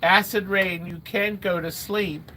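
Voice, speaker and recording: A man's voice: high voice, steady tone, a little slow, sharp tone. A middle-aged man hosting a casual livestream, chatting in a rambling way and greeting viewers by name. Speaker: livestream host selling arcade games. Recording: noisy room ambience.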